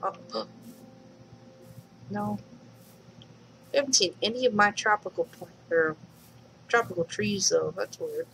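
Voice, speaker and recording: A woman's voice: mid-range voice, measured pace, gravelly, pauses often, a bit bright, a little hiss or hum, rough recording. A woman giving casual, chatty commentary while playing a game at home, swearing lightly and talking to the animals. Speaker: let's play host. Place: home room.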